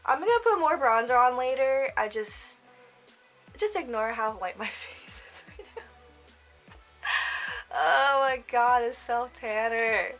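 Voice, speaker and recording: A woman's voice: fairly high pitch, expressive, a little slow, pauses often, fairly bright tone, soft background music, low-quality recording. Chatty young woman, makeup tutorial. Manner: rambling, chatty, trails off with self-talk; giggly. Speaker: makeup vlogger.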